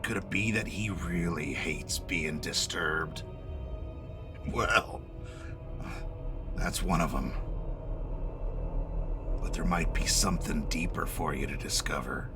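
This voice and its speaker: A man voicing a grumpy old male vampire with a growly, gravelly voice and a slow drawl. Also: very deep voice, music in the background, voice pushed down, heavily acted.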